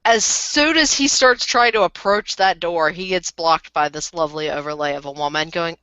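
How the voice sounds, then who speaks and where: Woman game narrator, crisp and bright, dull dry audio. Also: lowish voice, moderate pace, hardly any pauses, no echo.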